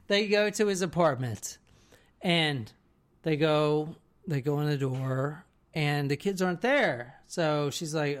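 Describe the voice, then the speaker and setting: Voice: medium pitch, unhurried. A podcast co-host telling a story in casual, rambling chat, swearing freely and often checking in with the listener. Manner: rambling, profane, keeps checking in with "right?".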